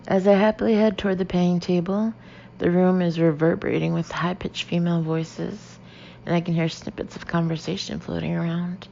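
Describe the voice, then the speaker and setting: A woman reading a first-person audiobook in a lively, expressive way. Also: on the low side, normal speed, gravelly. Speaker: audiobook narrator. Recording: dull lo-fi audio, faint hiss.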